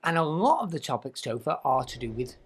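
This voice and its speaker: A man's voice: fairly high pitch, big pitch swings, fairly quick, breathy edge. A man hosting a podcast in a studio, talking in an emphatic, enthusiastic way. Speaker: podcast host. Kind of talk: casual podcast chat.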